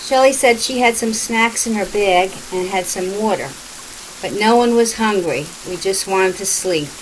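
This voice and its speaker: A woman reading her own first-person ghost story aloud in a plain, steady way. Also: medium pitch, moderate pace, slight background noise, low-quality recording. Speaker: author and narrator.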